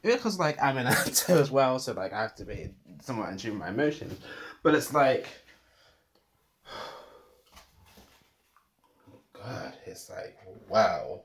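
A young man talking through an unscripted voice note monologue, sighing and laughing, with sudden loud outbursts between muttered asides. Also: medium pitch, sing-song, slow pace, pauses often, slight background noise. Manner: emotional, swinging from muttered sighs to loud outbursts; sighs and laughs often, says "girl" a lot. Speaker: podcast host.

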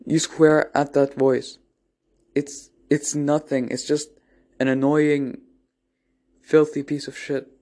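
A man's voice: a little high, flat delivery, slow pace, long pauses, dark tone. A man giving an unscripted motivational monologue, earnest and blunt, often restarting and repeating phrases, with casual swearing. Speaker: motivational speaker.

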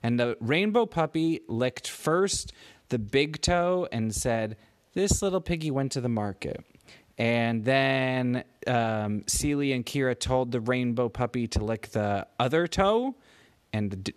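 A man improvising a bedtime story for a child, animated and stopping to ask the child questions. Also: medium pitch. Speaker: parent telling a bedtime story.

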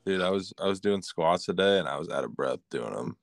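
A man's voice: low-pitched, fast, no room sound, clean studio sound. A man on a casual podcast, talking in a laid-back, slangy way. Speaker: podcast regular.

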